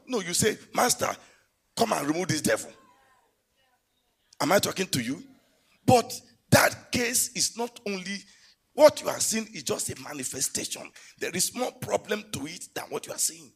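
A man preaching a sermon in a church, telling stories and rising to loud exclamations. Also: sits high, very animated, normal speed, creaky, slightly rough.

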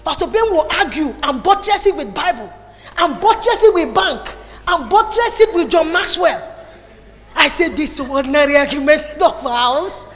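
A woman with a Nigerian accent preaching a lively sermon, slipping into Pidgin and Igbo phrases. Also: very high-pitched, normal speed. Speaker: pastor. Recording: long reverb in a hall.

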